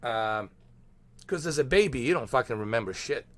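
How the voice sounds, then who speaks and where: A man's voice: mid-range voice, expressive, normal speed, no echo. A man from Bosnia, chatting casually on his stream in a rambling, filler-heavy, profane way.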